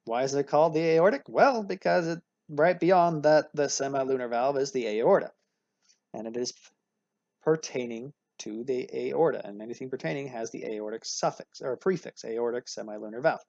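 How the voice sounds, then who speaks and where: A man's voice: mid-range voice, normal speed, creaky, darkish tone, dry recording. A man teaching anatomy in a recorded lecture, casual and upbeat, often correcting himself mid-sentence. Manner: casual and upbeat, with frequent self-corrections and analogies. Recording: dry, slightly dull recording.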